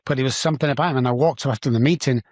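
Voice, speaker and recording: A man's voice: mid-range voice, very fast, darkish tone, no room sound. A middle-aged man with a Manchester English accent, a podcast guest telling his life story with animation and acting out the dialogue. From England. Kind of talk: personal storytelling in an interview.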